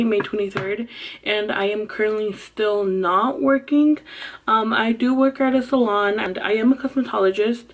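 A young woman chatting casually to her camera at home, rambling with lots of ums. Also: on the high side. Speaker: vlogger. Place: at home, sitting down.

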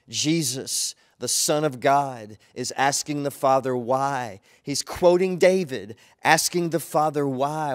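Impassioned higher-voiced male preacher. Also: moderate pace. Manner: impassioned preaching, dramatic scripture reading with rising emotion. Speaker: pastor. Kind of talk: sermon.

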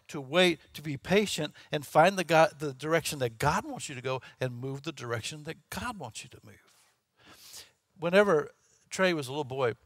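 This Texas pastor preaches in a folksy, conversational style, frequently checking in with "okay?" and "right?" His fairly high, slightly bright voice is recorded dry at studio quality, and he clears his throat as his voice catches.

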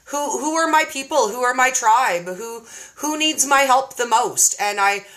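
A woman's voice: on the high side, expressive, unhurried, fairly bright tone. A woman hosting a casual live stream, bubbly and laughing often. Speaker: host.

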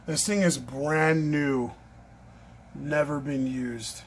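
A man's voice: fairly high pitch, fairly even intonation, slow pace, slight background noise. A man unboxing a knife for his vlog, gushing and breathless, repeating himself as he talks. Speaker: knife collector vlogger.

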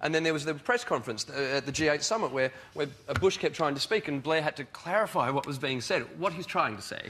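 A man on a comedy panel show telling wry anecdotes and quoting people in a deadpan voice. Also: a little high, fast talker, a little hiss or hum. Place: TV studio with live audience.

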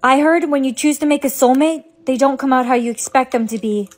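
A woman's voice: sits high, fairly quick, darkish tone, no room sound. A young woman acting in a comedy skit, delivering rules and warnings earnestly. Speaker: skit co-actor.

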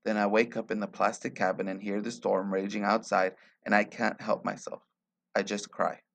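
A man reading a short story aloud in a quiet, measured way. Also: on the low side, level tone, vocal fry. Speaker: reader.

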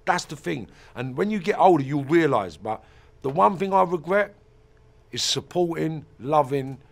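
Gravelly blunt man. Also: on the high side, animated, moderate pace. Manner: intense, blunt and profane, with emphatic repeats. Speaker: ex-offender turned mentor and motivational speaker. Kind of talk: interview.

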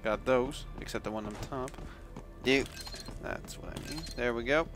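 A man from the Netherlands giving casual commentary while playing a video game, swearing and shouting out loud bursts. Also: mid-range voice, moderate pace. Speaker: let's play gamer. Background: game music.

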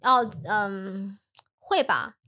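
A woman's voice: mid-range voice, expressive, very slow, pushed and bright, a little hiss or hum. A woman co-hosting a podcast, answering in short replies mixed with English words. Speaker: podcast co-host. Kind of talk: casual bilingual chat.

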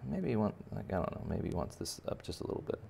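A man's voice: lowish voice, big pitch swings, fast, gravelly, warm tone, slight background noise. A man giving a playful, rambling drawing lesson for children, with many fillers. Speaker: drawing teacher. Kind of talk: casual drawing tutorial for kids.

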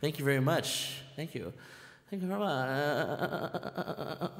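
A man hosting a band's live stream in casual chat, excitable and rambling, with lots of fillers and restarts. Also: a little high, takes it slowly. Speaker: band leader and live stream host. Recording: echoey room with long reverb.

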